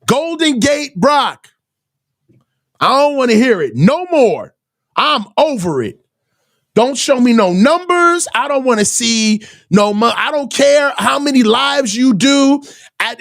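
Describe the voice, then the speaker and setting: A man's voice: very high voice, expressive, unhurried, creaky. Exasperated man ranting over a football game. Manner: shouts often in frustration. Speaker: sports reaction host. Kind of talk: live game reaction commentary.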